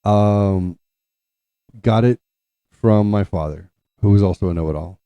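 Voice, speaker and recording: A man telling a long personal story in a casual, rambling way, often restarting and clearing his throat. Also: fairly low pitch, measured pace, dry recording. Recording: dull lo-fi sound.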